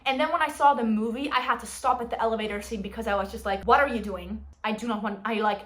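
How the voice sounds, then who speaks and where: Bright, animated young woman book vlogger. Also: fairly high pitch, brisk, few pauses. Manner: animated, dramatic, blunt opinions. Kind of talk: casual book ranking vlog.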